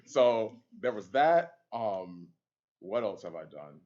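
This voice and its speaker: A man's voice: fairly low pitch, big pitch swings, slow pace, a little mellow. A man on a panel, a game caster, telling stories in a casual, laughing way with many fillers. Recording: dull lo-fi audio.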